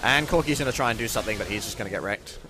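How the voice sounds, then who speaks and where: Over background noise, a young man with a lowish voice talks fast while commentating on his own gameplay, staying laid-back and swearing freely until he bursts out in sudden excitement.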